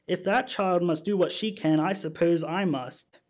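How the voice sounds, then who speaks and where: A man reading the lines of a humble woman cook who talks her way into doing her part, in a slow, musing way. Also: high voice, darkish tone, lightly acted. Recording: dull, muffled sound.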